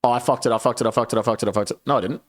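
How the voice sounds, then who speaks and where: A man's voice: medium pitch, racing. A young man telling a sweary story while streaming a game. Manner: sweary, animated, lively storyteller. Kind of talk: casual storytelling while gaming.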